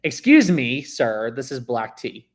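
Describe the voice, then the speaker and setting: A man's voice: mid-range voice, very animated, measured pace, noisy background. Chatty man hosting a live stream. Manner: chatty, rambling, laughs easily. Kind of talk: casual live chat with viewers.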